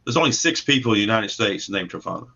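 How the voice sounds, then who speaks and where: Low, bright-toned man with muffled audio. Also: animated, quick pace, creaky, slightly rough. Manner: rambling, repeats words, easygoing. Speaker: comic creator and guest. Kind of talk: casual livestream interview.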